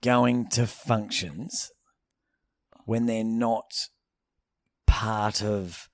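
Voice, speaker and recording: A man's voice: fairly low pitch, fairly even intonation, extremely slow. An Australian man co-hosting a podcast, chatting casually with wry, crude jokes. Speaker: podcast co-host. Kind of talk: casual chat.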